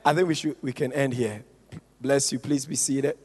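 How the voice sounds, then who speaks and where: A man's voice: medium pitch, steady tone, breathy edge. A man preaching a sermon to a congregation, calling for responses and stretching out key phrases. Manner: call-and-response preaching, drawn-out emphatic phrases. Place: church hall. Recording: echoey hall with long reverb.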